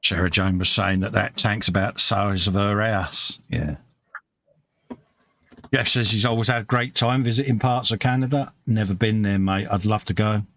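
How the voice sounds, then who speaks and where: A man's voice: lowish voice, moderate pace, a bit bright, no echo. A British man co-hosting a casual live stream from his hobby workbench, chatting and reading viewer comments aloud, calling everyone mate. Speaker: live show co-host.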